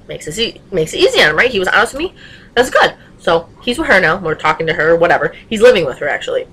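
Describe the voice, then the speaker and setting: A woman's voice: lowish voice, sing-song, fast talker, fairly bright tone, slightly rough, rough recording. A young woman vlogger talking straight into her webcam, with emphatic, passionate delivery full of rhetorical questions. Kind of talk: casual webcam rant.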